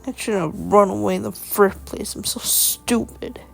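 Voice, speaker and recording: A woman's voice: mid-range voice, moderate pace, gravelly, soft background music. A woman voicing a small, lost winged boy who whimpers and pleads. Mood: tearful.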